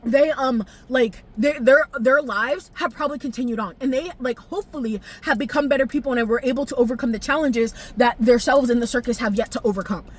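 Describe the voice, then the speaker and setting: A young woman vlogger recapping an episode in casual, animated chat, swearing freely, laughing often and jumping high when excited. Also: a little fast, hardly any pauses. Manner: expressive, profane, laughs often, jumps pitch when excited. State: tearful at times.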